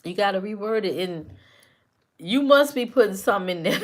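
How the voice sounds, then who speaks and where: A woman's voice: medium pitch, huge pitch swings, moderate pace. A woman hosting a casual live stream, talking back to her chat commenters by name with teasing, repetitive banter.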